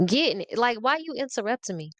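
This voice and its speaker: A sing-song, fairly high female voice moves at a quick pace with no room sound. She's a podcast host addressing her audience directly in a casual, sassy, playful rant, often breaking into laughter.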